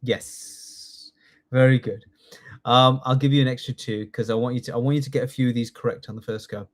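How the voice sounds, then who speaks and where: A man's voice: medium pitch, fairly even intonation, fast talker. Guy in his 30s doing a live online quiz class, chatty, jokey, reads out the options, cheers students on. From United Kingdom. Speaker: citizenship test tutor.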